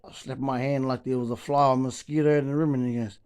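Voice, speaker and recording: A man's voice: mid-range voice, fairly even intonation, fairly quick, warm tone, smooth. A man telling casual stories and urging a boy on, laid-back, swearing and calling everyone bro. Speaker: storyteller.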